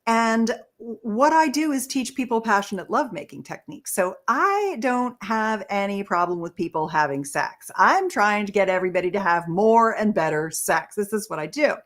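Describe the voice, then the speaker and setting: A woman's voice: mid-range voice, expressive, normal speed, few pauses, a bit bright. A woman guest on an interview show, a relationship expert who talks enthusiastically in a coaching tone and laughs often. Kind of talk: conversational interview.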